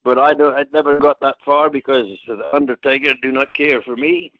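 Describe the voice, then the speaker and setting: An older Scottish man, a retired pro wrestler appearing as a guest, rambles through folksy stories in a casual interview and does voices in his anecdotes. His voice is medium-pitched with fairly even intonation and a moderate pace, and the high frequencies are cut off.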